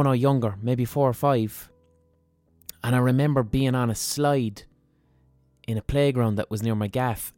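A man with a mid-range, slightly mellow voice, recorded dry, hosts a podcast. He tells stories in a frank, rambling monologue, swearing plenty and restarting sentences.

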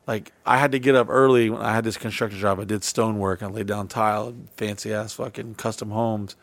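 A man's voice: lowish voice, fairly even intonation, a little fast. A man hosting a podcast, telling rambling stories in casual, profane chat. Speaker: podcast host.

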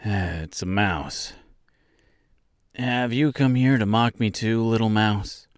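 A downcast scarecrow from a storybook reading, as a man gives him voice, slow and halting. His low voice sags with self-pity. The sound is close and dry. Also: no room sound. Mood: sad. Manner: sad, halting, hesitant. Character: glum male scarecrow, lonely and self-pitying. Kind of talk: audiobook character voice.

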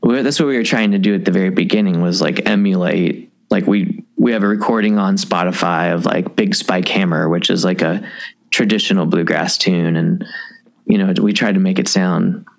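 A Kentucky musician in his thirties, speaking as a guest in a casual conversation, rambles along with plenty of fillers. His voice sits low with vocal fry, and he keeps a moderate pace.

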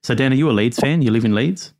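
A man's voice: mid-range voice, fast, darkish tone. A man co-hosting a call-in podcast, chatting casually with lots of "you know" fillers. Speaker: podcast co-host.

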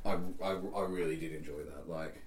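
A man's voice: a bass voice, steady tone, fairly quick, far from the mic. A man co-hosting a podcast, chatting casually with a lot of laughing and swearing. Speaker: podcast co-host. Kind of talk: casual chat. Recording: echoey room, off-mic.

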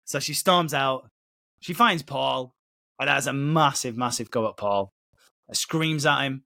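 A man hosting a casual podcast chat, animated, laughing and swearing freely. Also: mid-range voice, normal speed, gravelly, no room sound, clean studio sound. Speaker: podcast host. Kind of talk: casual chat recapping a soap episode.

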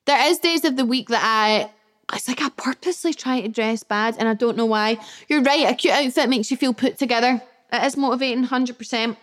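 A young woman with a slightly high voice hosts a solo podcast from home. She talks in a candid, chatty way, swearing now and then as she reacts to comments from her listeners. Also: fairly quick. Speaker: podcast host. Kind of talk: casual solo podcast chat. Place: her flat, indoors.

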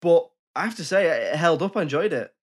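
Man, podcast co-host, casual chat, animated, fairly high voice. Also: fast. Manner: chatty, animated, laughs easily.

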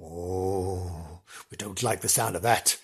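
A man's voice: sits low, slow pace, slightly rough. A man hosting a comic podcast, telling spooky tales in a theatrical, teasing way with playful asides. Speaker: podcast host.

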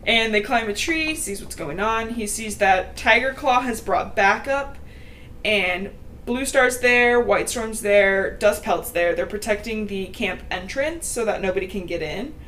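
A woman's voice: mid-range voice, measured pace, a bit bright, a little hiss or hum. Chatty laughing young woman podcaster. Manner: chatty, laughs often, swears casually. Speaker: podcast co-host recapping a book. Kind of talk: casual chat.

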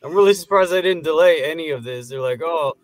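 A man's voice: a little high, fast. A man co-hosting a casual podcast chat, loose and joking with lots of fillers. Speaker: podcast co-host.

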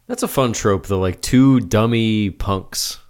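A man's voice: on the low side, slow, darkish tone, clear, resonant tone. A man co-hosting a podcast, dropping pop culture references in casual chat. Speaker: podcast co-host.

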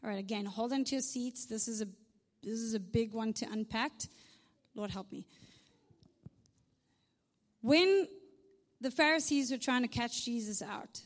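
A woman's voice: on the high side, moderate pace, long pauses, in a large hall. A woman preaching a conversational sermon with humorous asides, often checking in with "right?". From South Africa.

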